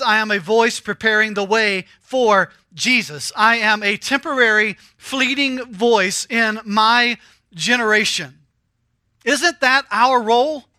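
A man, a pastor preaching a sermon that asks the listener questions and drops at times to a hushed, close tone. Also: high-pitched, dry recording.

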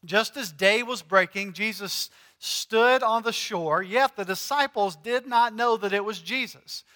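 A man's voice: high voice, measured pace, sharp tone. A male pastor preaching a sermon in a conversational, joking way, asking his congregation questions. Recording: long hall reverb.

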